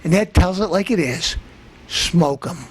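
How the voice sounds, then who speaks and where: A man hosting a comedy show, ranting in a boastful tough-guy manner, threatening to beat everyone up and breaking into shouts. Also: high voice, measured pace, slightly rough. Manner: bursts into shouting. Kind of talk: comic tough-guy rant.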